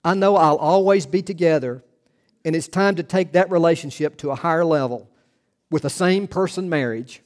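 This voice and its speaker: A smug young woman, earnest and matter-of-fact about her own wedding, as a male preacher puts her on. The voice stays close to his own somewhat high speaking voice. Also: normal speed, lightly acted. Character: self-satisfied young woman marrying herself.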